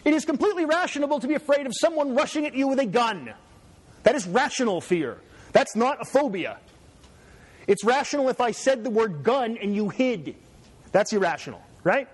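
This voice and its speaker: A man's voice: very high-pitched, animated, moderate pace. A man giving a casual classroom lecture, often checking in with his students with "right?". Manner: chatty, asks students "right?".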